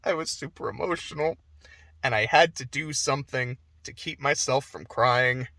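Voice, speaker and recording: A young man giving a casual spoken game review, animated, swearing and going off on asides. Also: mid-range voice, normal speed, no room sound. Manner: animated, swears, laughs often, trails off into asides.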